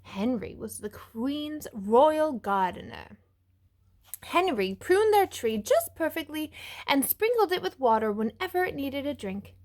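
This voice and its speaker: A woman teacher reading a storybook aloud to young children in a put-on British accent, lively and expressive. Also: unhurried. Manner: lively, expressive storyteller with big pitch swings. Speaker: music teacher.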